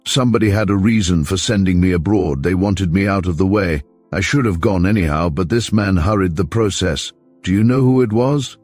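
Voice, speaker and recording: A cold, guarded ex-convict weighing every word, as a male narrator voices him. He speaks coolly and deliberately in a very deep register, with soft music underneath. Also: no room sound. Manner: cool, clipped, deliberate. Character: cold, guarded young man back from prison.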